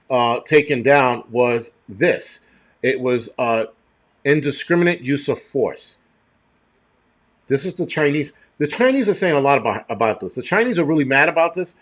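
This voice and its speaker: Middle-aged male streamer, profane, rambling, chatty livestream commentary. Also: medium pitch. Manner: rambling and profane, thanks chat viewers. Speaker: show host.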